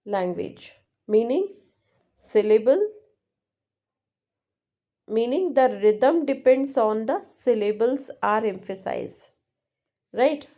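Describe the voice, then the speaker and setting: A woman teaching linguistics, explaining exam answers slowly and repeating points, often checking with "right?". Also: a little high, dark tone. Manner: slow, repetitive, keeps checking with "right?". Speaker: English teacher.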